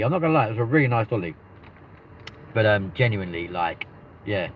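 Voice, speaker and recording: Low-voiced swearing London man. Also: very animated, brisk. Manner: rambling, swears freely. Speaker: livestream host. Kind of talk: casual live stream banter. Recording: muffled lo-fi with faint noise.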